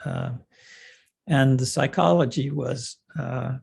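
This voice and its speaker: An older man tells his old stories at an easy pace, pausing often on "uh" and "you know". His voice is deeply gravelly and husky, with a rough, breathy edge. The pitch sits in a middle range for a man. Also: a little mellow. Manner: measured storytelling with many fillers. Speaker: former cycling coach. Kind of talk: reminiscing interview answers.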